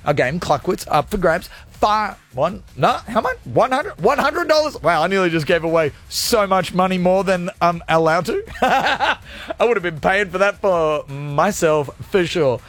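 A man's voice: high-pitched, measured pace, fairly bright tone. A male radio host chatting on air in a playful, jokey, rambling way from a studio. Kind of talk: energetic radio show chat.

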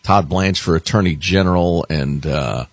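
Male talk radio host, casual political chat, sardonic, husky voice, dry studio sound. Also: sits low, normal speed, dry recording.

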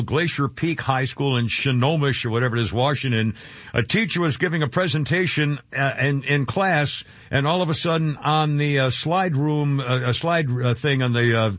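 A man's voice: medium pitch, fairly bright tone, no room sound, dull audio. A man hosting a radio talk show, chatting casually in a rambling, jokey way full of hesitations.

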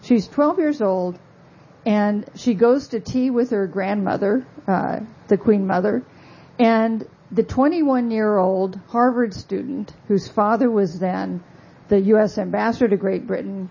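Husky woman author giving a book talk. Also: medium pitch, a little slow, mellow, highs cut off. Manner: conversational, frequent fillers, wry asides.

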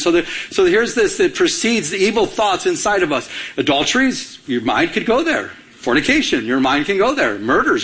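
Animated man preaching a story sermon. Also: high voice. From Michigan, USA. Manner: animated storytelling, acting out his own past jealousy. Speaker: pastor.

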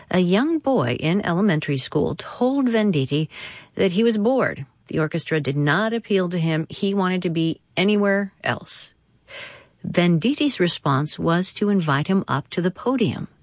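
A woman hosting a classical music radio program, reading scripted narration in a smooth storytelling way. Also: lowish voice, no echo. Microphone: studio microphone.

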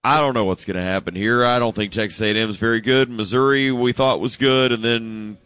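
A man's voice: mid-range voice, fairly even intonation, brisk, a bit bright, clear, resonant tone, no echo. Wry man co-hosting sports radio. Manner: casual, wry, rambling asides. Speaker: radio co-host.

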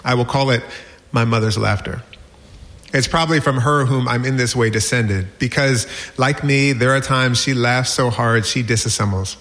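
A man in his forties reading a personal essay aloud with wry, lively storytelling. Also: mid-range voice, moderate pace. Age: 40s. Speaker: narrator.

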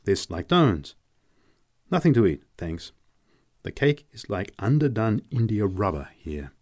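A man's voice: on the low side, big pitch swings, measured pace, darkish tone, voice pushed down, full character voice. A man reading the part of a grumpy, chilled young man in a storybook, curt and irritable. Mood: grumbling.

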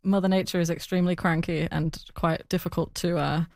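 A woman being interviewed about a podcast she made, talking in a chatty, animated way with lots of "like" and "I mean.". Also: on the low side, a little fast, vocal fry, no room sound, clean studio sound. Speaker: podcast creator, interview guest. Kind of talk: interview answers.

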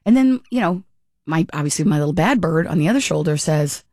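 A middle-aged woman rants through her commentary as a talk host, restarting her sentences and acting out other people in mocking asides. Her voice sits on the low side. The sound is dry and close. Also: fairly quick, no echo. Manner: animated, exasperated, with frequent restarts and mock quoting. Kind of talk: opinionated casual commentary.

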